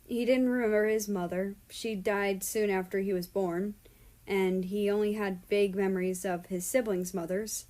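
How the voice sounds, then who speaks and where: A woman reading a story aloud in a calm, steady narration. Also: medium pitch, moderate pace. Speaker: story reader. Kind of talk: reading fan fiction aloud.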